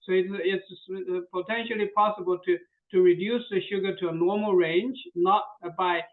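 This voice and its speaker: A man's voice: high-pitched, steady tone, normal speed. A man on a video call presenting a product, eager and stumbling, repeating his words as he talks. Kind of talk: casual sales chat. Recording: tinny video call line.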